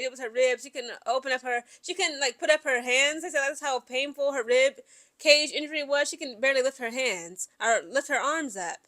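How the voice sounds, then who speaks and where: A woman with a high, bright, sharp voice talks through sports gossip in a casual vlog. She is opinionated and emphatic, speaks straight to her viewers, and keeps checking in with "okay?". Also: brisk. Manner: chatty, keeps asking "okay?" and addresses viewers directly. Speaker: sports commentary vlogger.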